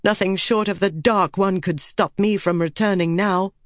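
A woman's voice: mid-range voice, steady tone, normal speed, no room sound, clean studio sound, natural voice. A woman reading an audiobook, voicing a stubborn, determined young pregnant queen in an earnest, resolute way.

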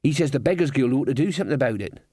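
A bossy young bandleader, as a man puts him on, pitched well above the reader's voice, sneering and self-important. The sound is dry and close, with no room around it. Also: lively intonation, rapid-fire, a little mellow, no room sound, lightly acted. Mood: snide. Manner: sneering, quoting his father.

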